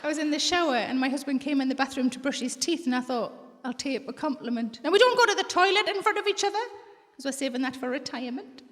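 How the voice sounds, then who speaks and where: A woman in her forties with a North East English accent, telling bawdy stories deadpan in a stand-up set and acting out the voices of the people in them. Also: high voice, fast talker, heavy background noise. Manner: bawdy deadpan storytelling, acts out quoted voices. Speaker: stand-up comedian. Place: large theatre with live audience. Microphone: stage microphone. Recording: reverberant hall, loud audience laughter.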